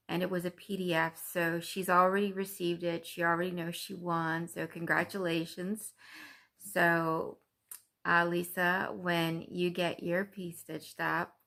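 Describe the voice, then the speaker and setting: Slow, gravelly-voiced upbeat woman vlogger. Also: on the low side, pushed and bright. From Canada. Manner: chatty, upbeat, with many ums. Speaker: cross-stitch vlogger. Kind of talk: casual chat to viewers.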